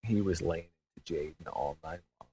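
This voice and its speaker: Gravelly, sarcastic low-voiced man. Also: moderate pace, dark tone, slight background noise. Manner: crude, sarcastic interjections. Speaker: podcast co-host. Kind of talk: casual stream chat.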